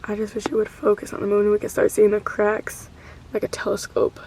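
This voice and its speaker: A woman's voice: medium pitch, completely flat delivery, a little fast, a little mellow, a little hiss or hum. A young woman vlogger chatting casually to her camera, gushing and full of slang.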